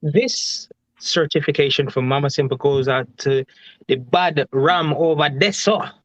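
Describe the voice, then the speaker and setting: A man's voice: fairly high pitch, measured pace, no echo. A man co-hosting a casual livestream, joking and laid-back with patois phrasing. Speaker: livestream co-host. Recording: dry, dull lo-fi sound.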